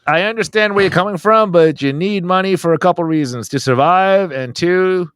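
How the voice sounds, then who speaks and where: High-voiced guy, really bouncy pitch, stammers into his lines, dry close sound. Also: moderate pace, fairly bright tone, clean tone, no echo. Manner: stammering starts, laughs often. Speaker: podcast co-host. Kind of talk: casual comedy banter.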